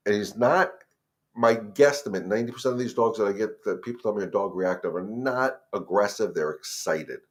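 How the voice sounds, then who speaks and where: A man hosting a live dog-training Q&A, talking casually and directly to viewers, repeating words and turning firm and emphatic on the rules. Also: fairly low pitch. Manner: conversational, repeats words, addresses viewers as guys. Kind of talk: casual live-stream advice.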